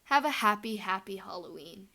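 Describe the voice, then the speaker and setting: A woman's voice: medium pitch, expressive, normal speed, bright, forceful tone. Chatty young woman telling fan stories. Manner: chatty, rambling, lots of "like". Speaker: fan storyteller. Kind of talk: casual fan headcanon storytelling.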